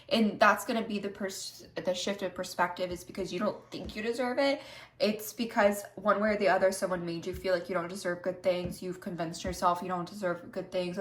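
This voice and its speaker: A young woman giving a casual tarot reading, rambling earnestly with many "like"s and "um"s. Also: mid-range voice. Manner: rambling, earnest, heavy use of 'like' and 'um'. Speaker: tarot reader. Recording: roomy echo.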